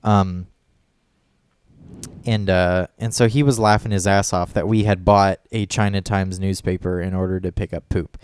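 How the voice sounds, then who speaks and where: A man's voice: deep voice, flat delivery, moderate pace, clean tone. A man telling a story in casual chat as a podcast co-host, rambling and profane, full of fillers and restarts.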